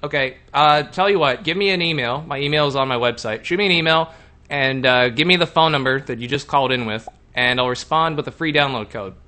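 A man's voice: mid-range voice, a little fast, pushed and bright. Chatty man hosting a casual show. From Texas, Houston area. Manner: chatty, asks playful questions. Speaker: podcast host. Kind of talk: casual chat.

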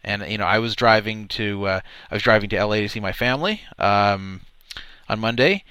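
A man's voice: on the low side, a little fast, bright, forceful tone, clean tone, no echo. A man hosting a radio show, telling a long story in casual chat, rambling and repeating words as he goes.

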